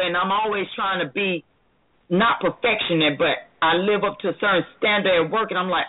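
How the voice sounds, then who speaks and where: A woman's voice: on the low side, brisk, crowd noise. A woman hosting her own radio show, chatting in an earnest, candid way. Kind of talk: casual interview chat. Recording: phone-like, band-limited line.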